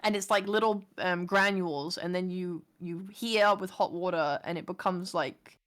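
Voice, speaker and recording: A young woman streamer telling a story in casual chat, animated, swearing and laughing often. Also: on the low side, moderate pace. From England.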